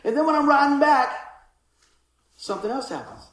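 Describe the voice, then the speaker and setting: A man, a pastor, preaching a sermon with animated storytelling and acted-out voices. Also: extremely high pitch, moderate pace, echoey room, poor audio.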